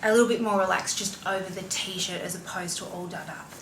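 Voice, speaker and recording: A woman's voice: medium pitch, steady tone, a little fast, background noise. An Australian woman in her thirties, a mom and fashion vlogger, talking in a heartfelt, chatty way with plenty of fillers. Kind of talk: casual confessional chat. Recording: roomy echo, distant mic, faint ambience.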